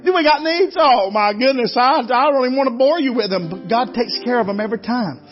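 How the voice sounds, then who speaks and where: A man's voice: extremely high pitch, fairly quick, highs cut off, soft background music. A man, preaching a sermon in a folksy storytelling way and calling out to the congregation. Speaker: guest preacher. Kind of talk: Southern revival sermon.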